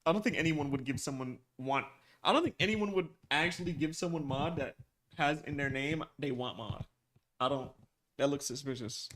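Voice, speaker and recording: A young man streaming live, chatting casually with his viewers in animated slang and laughing often. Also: fairly high pitch, normal speed. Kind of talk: casual livestream chat with viewers.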